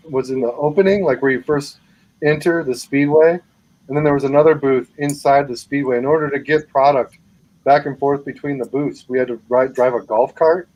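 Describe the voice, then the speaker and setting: A man's voice: medium pitch, darkish tone, poor audio. A man telling rambling, profane anecdotes in a casual chat between friends. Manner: swears a lot, rambling anecdotes.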